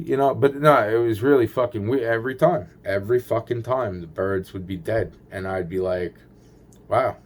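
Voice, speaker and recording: A man's voice: on the low side, moderate pace, a little mellow. A man rambling through a paranoid personal story, swearing constantly and restarting his sentences.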